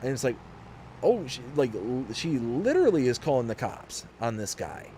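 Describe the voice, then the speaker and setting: A man's voice: medium pitch, very animated, moderate pace, dark tone, slight background noise. A man around thirty, a livestream host telling a story in a rambling, chatty way with frequent restarts. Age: late 20s to early 30s. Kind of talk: casual storytelling while streaming a game.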